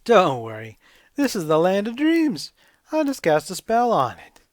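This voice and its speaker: A man voicing a sweet, scheming young princess in a sugary, pleading falsetto. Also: huge pitch swings, a little slow, no echo, studio quality, heavily acted.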